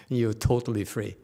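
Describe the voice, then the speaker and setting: A man giving a casual Buddhist dharma lecture as teacher, animated and joking, repeating words and mimicking voices. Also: medium pitch. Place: temple lecture hall.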